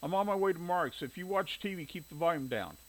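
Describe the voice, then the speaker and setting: A man's voice: on the high side, animated, fast talker, fairly bright tone, pitched above the performer's own voice. A man voicing a cheerful, teasing teenage boy in a storybook reading. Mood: cocky.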